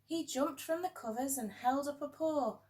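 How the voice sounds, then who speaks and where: A woman teacher reading a rhyming picture book aloud in a gentle, sing-song storytelling way with playful emphasis. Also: high-pitched, moderate pace.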